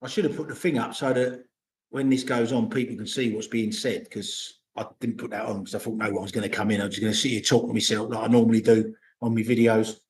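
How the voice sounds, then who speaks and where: A man's voice: lowish voice, little pitch movement, fast talker, a little hiss or hum. An older man, chatting casually and rambling to viewers on a livestream, swearing freely. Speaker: vlogger. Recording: roomy echo.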